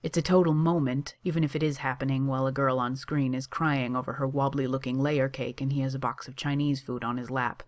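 A woman reading fan fiction aloud, expressive and casual, with swearing in the narration. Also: rumbling low, a little fast, hardly any pauses. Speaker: reader.

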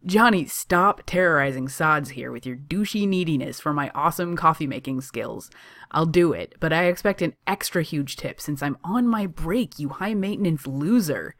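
A reader playing a cocky young coffee-shop owner who shouts and swears sarcastically. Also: mid-range voice, lively intonation, normal speed, no room sound, studio quality. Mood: mocking.

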